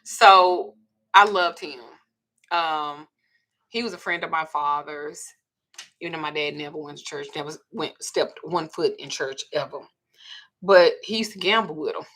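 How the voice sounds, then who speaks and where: A woman from the South, telling a personal story in a blunt, profane, animated way. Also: sits low, measured pace. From Southern United States. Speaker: vlogger. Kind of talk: candid storytelling.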